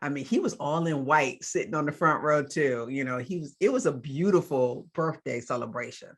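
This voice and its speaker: A woman's voice: low-pitched, moderate pace, husky. A woman co-hosting a faith podcast, chatting casually as she recaps a church celebration and a sermon, with fillers and asides. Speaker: podcast co-host.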